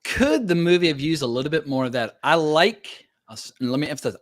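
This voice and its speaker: A man's voice: fairly high pitch, lively intonation, a little fast, few pauses. A middle-aged man hosting a casual film talk over a video call. He chats, asks questions and often trips over his own words. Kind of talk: casual film discussion on a livestream.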